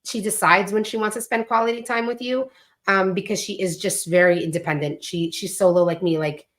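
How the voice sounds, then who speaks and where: Chatty mom podcasting in casual talk. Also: female voice, medium pitch, a little fast. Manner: chatty, animated when quoting her kids. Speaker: podcast co-host, mother. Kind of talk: casual chat.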